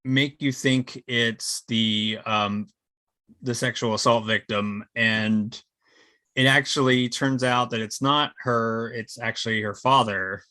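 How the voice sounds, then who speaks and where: A man hosting a podcast, chatting casually about a cult horror film with frequent ums and pauses. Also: steady tone, sharp tone. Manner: hesitant, many fillers, pitch jumps up when starting turns. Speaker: podcast host. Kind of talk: casual chat.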